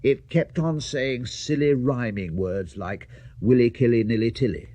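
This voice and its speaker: Male storyteller for a children's tale; expressive, husky voice with a dry, close sound. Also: mid-range voice, a little slow, no room sound, highs cut off.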